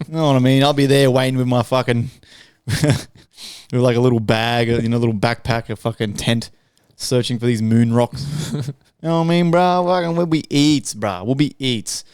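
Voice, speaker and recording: A man's voice: medium pitch, moderate pace, clean tone, no room sound, studio quality. Foul-mouthed podcast co-host man. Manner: crude, heavy swearing, animated storytelling with laughs. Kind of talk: casual chat.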